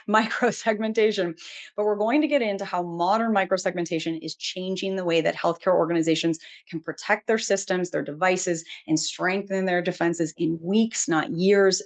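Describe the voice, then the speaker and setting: A woman hosting a live webinar, upbeat and chatty, greeting audience members by name. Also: mid-range voice. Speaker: webinar host.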